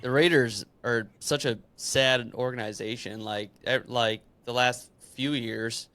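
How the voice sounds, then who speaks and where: A young man talking football on a podcast in a casual, blunt way, swearing freely. His voice is smooth and clear at a middle pitch. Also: fairly even intonation, unhurried, sharp tone, no echo. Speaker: podcast co-host. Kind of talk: casual sports chat.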